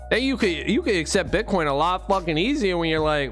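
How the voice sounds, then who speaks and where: High-voiced man ranting with heavy profanity. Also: animated, brisk, few pauses, fairly bright tone, soft background music. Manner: profane, slangy, rambling and emphatic. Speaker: vlogger on money and bitcoin. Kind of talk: unscripted monologue rant.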